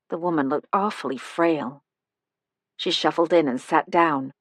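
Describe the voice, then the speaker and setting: A woman's voice: low-pitched, no room sound. Woman narrating a cozy mystery, dry and close. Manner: even, measured storytelling. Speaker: audiobook narrator. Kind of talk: first-person mystery narration.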